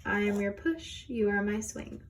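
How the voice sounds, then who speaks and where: Young woman, mid-pitched voice, reading a rhyming picture book with a gentle, steady rhythm. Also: moderate pace, a little hiss or hum. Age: young adult. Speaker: reader. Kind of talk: children's story reading.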